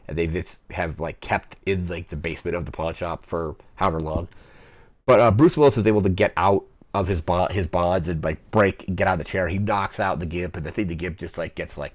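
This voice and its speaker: A young man hosts a podcast and recaps a film in a loose, rambling way, leaning on fillers as he talks. His voice sits very low. The sound is dry and close, with no room around it. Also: no room sound. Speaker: podcast host. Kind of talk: casual movie recap.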